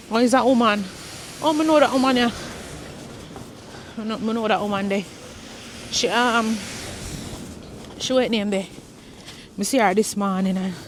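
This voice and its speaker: A woman's voice: mid-range voice, a little hiss or hum. A young woman, chatting casually to her viewers as she vlogs on snowy streets. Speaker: vlogger. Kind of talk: casual vlog chat.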